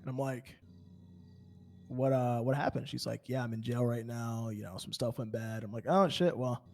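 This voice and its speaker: A man's voice: medium pitch, normal speed, gravelly, darkish tone, soft background music. A man roleplaying on a game server, telling an in-character story in a rambling way, full of fillers and stammered restarts. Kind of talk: in-character story, casual chat.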